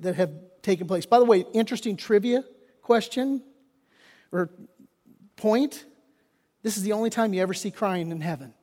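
A man's voice: sits high, a little mellow. A man preaching a sermon as pastor, impassioned and folksy, rising and dropping his voice, often restarting phrases. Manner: casual folksy wording. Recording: long reverb of a church hall.

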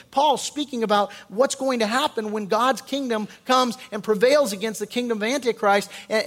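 Male pastor with a high-ish voice; preaches in a relaxed, conversational way, slowing down to read scripture. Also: long reverb tail. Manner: reads scripture slowly, then explains it in casual, animated asides. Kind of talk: expository sermon.

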